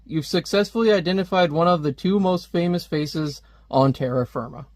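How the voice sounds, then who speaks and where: A man's voice: a little high, moderate pace, a little mellow, no echo, natural voice. A man reading a comic book's smug genius villain aloud in a mocking, taunting tone.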